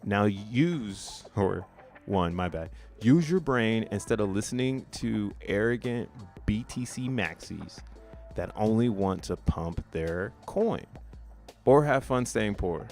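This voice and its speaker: A man's voice: lowish voice, animated, slow, darkish tone, soft background music. A man casually streaming, reading social media posts aloud with profane slang and frequent laughter. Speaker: crypto streamer.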